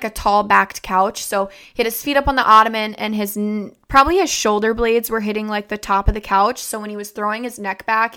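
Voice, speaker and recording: Bright-voiced young woman retelling a loss. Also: mid-range voice, clear, resonant tone. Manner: tearful, halting retelling of a family loss, many fillers. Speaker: podcast host. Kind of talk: emotional personal storytelling.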